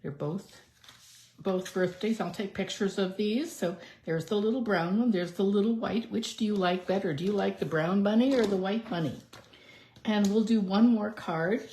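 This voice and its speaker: A woman's voice: medium pitch, normal speed, dark tone. A woman doing a live card-making demonstration, chatting through each step as she works. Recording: echoey room.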